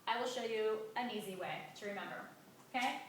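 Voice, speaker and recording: A woman teacher giving a grammar lesson, stressing key words with slow, drawn-out emphasis. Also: a little high, a little hiss or hum. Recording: echoey room, mic at a distance.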